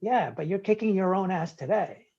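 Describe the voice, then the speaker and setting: A man with a husky, mellow voice tells his stories with energy and acts out each exchange. The recording sounds dull and lo-fi. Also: high voice, moderate pace. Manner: animated, acts out quoted dialogue. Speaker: guest entrepreneur. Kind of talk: interview storytelling.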